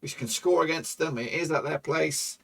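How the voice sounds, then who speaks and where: A man commentating his own football management game for viewers, excitable and swearing, shouting at goals. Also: a little high, moderate pace, vocal fry, far from the mic. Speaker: gaming YouTuber.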